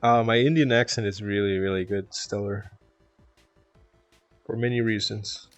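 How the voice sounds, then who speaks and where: A man streaming, chatting with viewers in a calm, easygoing, chill way from a home setup. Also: on the low side, moderate pace, dry recording, faint music behind. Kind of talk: casual chat with viewers.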